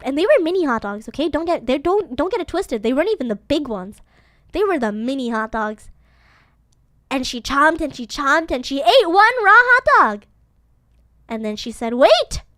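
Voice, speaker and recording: Woman streamer, very high and lively voice, giggly and playfully dramatic, faint music under her. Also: dry recording, studio quality. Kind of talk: casual livestream storytelling.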